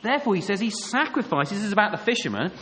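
A man's voice: sits high, big pitch swings, fast talker, bright, forceful tone. A man preaching a sermon, emphatic, often rising to a raised voice on key points. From England. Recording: long hall reverb, faint ambience.

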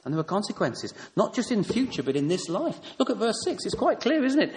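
A man's voice: high-pitched, big pitch swings, a little fast, few pauses, darkish tone, slight background noise. A man preaching a sermon, emphatic and fond of rhetorical tag questions. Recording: long reverb in a hall.

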